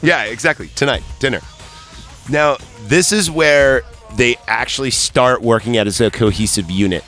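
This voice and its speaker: A man's voice: medium pitch, a bit bright. Male podcast co-host, casual and profane, tends to ramble, faint music behind. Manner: rambling, profane, acts out film lines in quick voices. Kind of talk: casual movie discussion.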